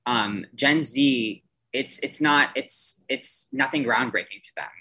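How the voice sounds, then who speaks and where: A man's voice: mid-range voice, slow, bright, forceful tone, husky, low-quality recording. A man in his thirties, a theater performer chatting as a guest, rambling with many restarts and fillers. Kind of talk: casual podcast chat.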